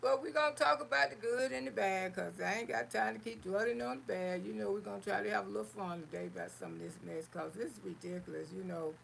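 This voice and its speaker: A woman's voice: medium pitch, fast talker, creaky, hardly any pauses, slight background noise, low-quality recording. A woman from Florida hosts a casual livestream, reading viewer comments in a folksy, affectionate way and calling listeners honey, sugar and baby. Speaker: livestream host.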